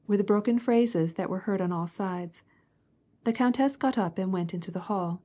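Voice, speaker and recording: A woman narrating a classic novel as an audiobook, in an even, measured storytelling manner. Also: mid-range voice.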